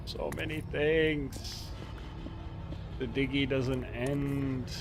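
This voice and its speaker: A man's voice: mid-range voice, fairly even intonation, drawn-out words, vocal fry, music in the background. A man streaming a game, chatting casually, rambling and mocking himself while reading chat aloud into a desk microphone.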